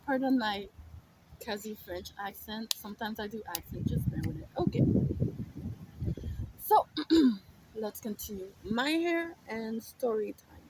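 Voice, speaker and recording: Slow-talking woman in her thirties. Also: fairly high pitch, noisy background. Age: 30s. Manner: meandering, swings between hushed whispers and emphatic declarations. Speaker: spiritual content creator. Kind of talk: casual spiritual monologue.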